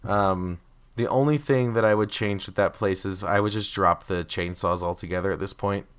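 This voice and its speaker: A man's voice: low voice, fairly even intonation, moderate pace, fairly bright tone, clear, resonant tone. A man co-hosting a casual podcast who talks emphatically and opinionatedly, stacking up his points and acting out quotes in exaggerated voices. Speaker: podcast co-host. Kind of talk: casual chat.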